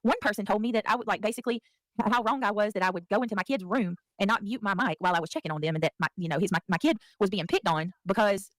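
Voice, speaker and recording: A woman's voice: medium pitch, fast, no room sound, poor audio. A woman defends herself in a clip, exasperated and insistent, her voice in a middle range. The recording is dry and close. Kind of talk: played clip of a defensive rant.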